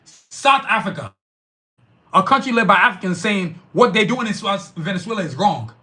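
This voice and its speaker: A man's voice: high voice, lively intonation, moderate pace, bright, forceful tone. Fired-up, profane man ranting. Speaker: podcast host reading live chat. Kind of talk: heated political rant.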